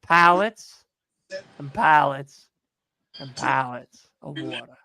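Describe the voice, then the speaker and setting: A man's voice: on the high side, takes it slowly, vocal fry, pushed and bright. A man on a podcast telling a long work story in a casual, profane and exasperated rant. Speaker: podcast co-host.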